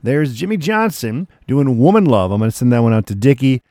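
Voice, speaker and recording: A man's voice: medium pitch, lively intonation, brisk, darkish tone, no room sound, studio quality. A man hosting a radio show, chatting in a laid-back way and often calling listeners "man". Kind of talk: casual radio DJ chat.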